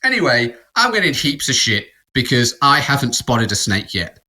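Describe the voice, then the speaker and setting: A man's voice: medium pitch, very animated, normal speed, bright, forceful tone. A man, co-hosting a podcast and telling a rambling anecdote in casual chat, with restarts and laughter. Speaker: podcast co-host. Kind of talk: casual storytelling.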